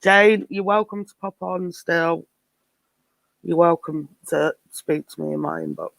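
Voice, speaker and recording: A woman hosting a live video chat stream, casual and trying to calm things down. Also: fairly low pitch, a little slow, vocal fry, no room sound. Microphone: video call.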